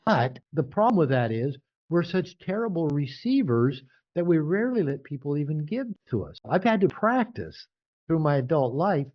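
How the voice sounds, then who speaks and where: An older man, an author being interviewed, talking casually and animatedly, often jumping higher to act out quoted voices. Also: sing-song, normal speed, dull audio. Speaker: author and guest.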